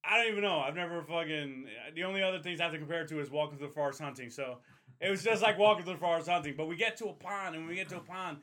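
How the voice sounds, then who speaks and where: A man's voice: a little high, rapid-fire. A young man telling a long story to friends in casual chat, swearing a lot and acting out the voices of the people in it. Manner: profane, animated, acts out voices. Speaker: storyteller on a podcast.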